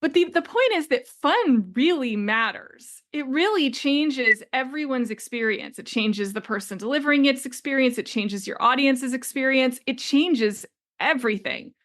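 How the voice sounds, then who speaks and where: A woman's voice: high-pitched, expressive, moderate pace, fairly bright tone. A woman in her forties hosting a solo business podcast, telling a story in a chatty, conversational way with frequent laughs. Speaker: podcast host and business coach.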